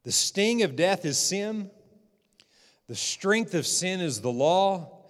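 A man's voice: sits high, lively intonation, slow. A man preaching a sermon as pastor, repeating phrases and calling out for amens. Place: church sanctuary. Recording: long hall reverb.

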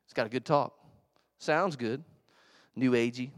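A man preaching a sermon in a church, telling a story in a conversational, animated way with asides to the congregation. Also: medium pitch, unhurried, no room sound, studio quality. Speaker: pastor.

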